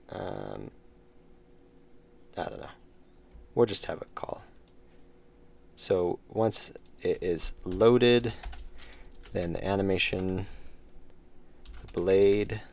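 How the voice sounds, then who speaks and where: Low, gravelly male streamer, casual, mutters while coding, keys clacking. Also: a little mellow. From United States. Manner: thinks aloud, mumbles while working, chats with viewers. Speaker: game developer streamer.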